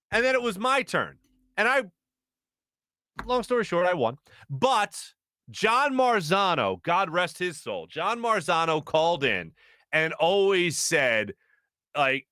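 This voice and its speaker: A man hosting a sports talk show in a studio, telling a story in a lively way and laughing as he acts out what people said. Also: fairly high pitch, no echo. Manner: animated, laughing as he acts out quotes. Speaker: host. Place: radio studio.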